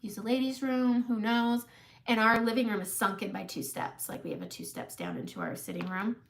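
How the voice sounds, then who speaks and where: Over a noisy background, a woman in her forties talks a little fast in a slightly high, lively voice, telling a long funny story on a makeup live stream. She keeps laughing at herself, a chatty, self-mocking storyteller in casual conversation.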